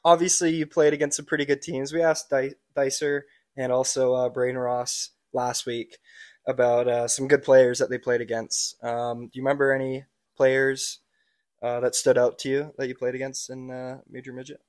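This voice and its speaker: A man's voice: medium pitch, little pitch movement, moderate pace, a little mellow. A young man co-hosting a podcast, asking questions casually, with fillers and laughter. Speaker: podcast co-host. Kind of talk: casual interview.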